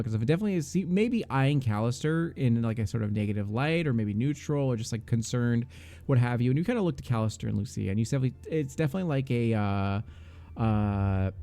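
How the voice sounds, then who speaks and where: A man's voice: mid-range voice, mellow. A man narrating a tabletop game as game master, rambling with many fillers.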